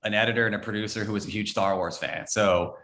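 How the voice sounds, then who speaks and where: An American man in casual podcast chat as a guest, excitable and stumbling over repeated words as he starts sentences. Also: lowish voice, fast talker. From United States. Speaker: guest, former entertainment reporter.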